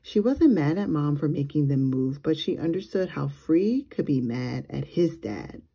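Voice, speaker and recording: A woman teacher reads a children's chapter book aloud in a gentle, measured way. Her voice sits low and moves slowly. It has a warm, mellow, breathy softness. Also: animated.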